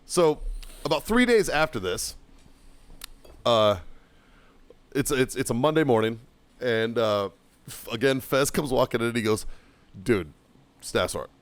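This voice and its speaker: A man's voice: mid-range voice, animated, a little slow, long pauses, clear, resonant tone, no echo. A man hosting a podcast, telling a story in a casual, profane way and laughing through it. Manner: swears constantly, laughs through his own story.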